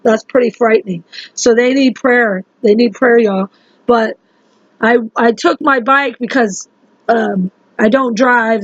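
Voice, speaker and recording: A woman vlogging to camera in a rushed, rambling, urgent way, sounding short on sleep. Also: on the high side, dry recording. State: sleep-deprived. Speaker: religious vlogger. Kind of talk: casual monologue to camera. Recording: dull lo-fi dry sound.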